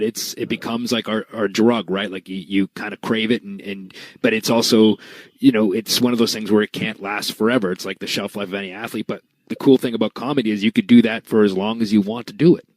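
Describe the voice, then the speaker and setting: Deep-voiced wrestler co-host, dry sound. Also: male voice, steady tone, a little fast, no room sound, poor audio. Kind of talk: casual podcast chat.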